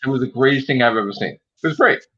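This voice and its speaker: A husky-voiced man talks fast and excitedly in a casual chat, swearing freely and acting out quotes. The recording is dull and lo-fi. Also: medium pitch. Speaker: podcast co-host.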